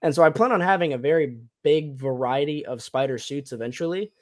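Young male host, slightly high voice, chatty and rambling, lots of fillers. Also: a little fast. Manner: rambling, upbeat, many fillers. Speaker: podcast host and cosplayer. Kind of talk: casual chat.

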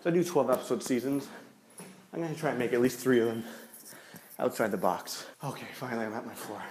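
A podcast host with a mid-range, slightly mellow voice talks fast while walking through city streets and then into a stairwell. He rambles and mocks himself, growing out of breath, on a noisy street recording with traffic and clicks in the background.

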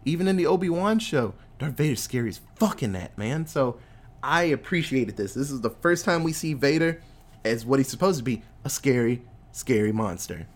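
A man hosting a casual chat, retelling a movie plot in animated, profane storytelling. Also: medium pitch, moderate pace.

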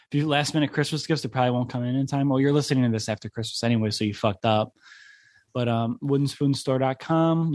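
In a dry recording, a young man from around Buffalo, New York, speaks with a medium-pitched, darkish voice. He hosts a podcast as a rambling, casual chat, swearing and saying "like" a lot.

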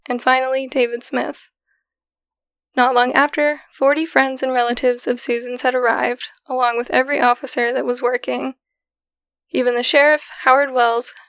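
A woman podcast host recounting a case in a steady, matter-of-fact way, in casual storytelling style. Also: sits high, clear, resonant tone, no room sound. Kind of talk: casual true-crime storytelling.

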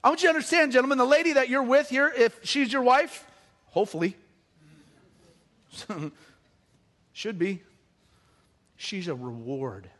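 A middle-aged man preaching a sermon, animated and joking with the congregation. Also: very high voice, a little slow, pauses often. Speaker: pastor.

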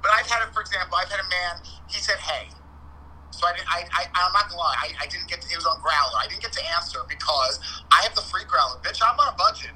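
A man's voice: high voice, fast, bright, forceful tone, slightly rough, low-quality recording. A man co-hosting a casual podcast chat, blunt, profane and theatrical, swinging between outrage and jokes. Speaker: podcast co-host.

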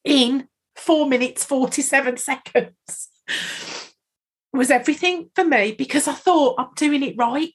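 A woman's voice: high-pitched, measured pace. Chatty woman, emotional and rambling. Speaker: podcast co-host. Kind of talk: casual chat.

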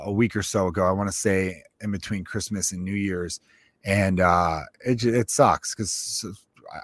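A man's voice: mid-range voice, fairly bright tone, no echo. Young comedian guy rambling on his podcast, swears a lot, trips over his words, dead dry sound right on the mic. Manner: loose, rambling and profane, with frequent restarts. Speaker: stand-up comedian. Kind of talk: casual solo podcast monologue.

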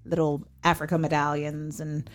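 Reflective woman podcast host, lowish voice. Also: flat delivery, moderate pace. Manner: reflective, candid, acts out remembered dialogue. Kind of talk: personal storytelling in an interview.

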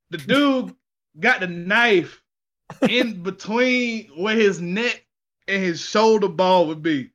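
A man in casual chat, telling a story in an animated, slangy way, swearing and laughing as he goes. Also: high voice. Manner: slangy, says y'all and ain't.

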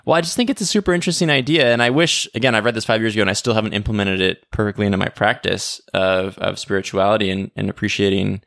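A man with a low, gravelly voice co-hosts a podcast in easy conversational talk. He leans on "like" and "right?" as he explains his ideas. The sound is dry and close-miked. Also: fast, few pauses, a bit bright, dry recording. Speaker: podcast co-host. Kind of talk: casual faith discussion.

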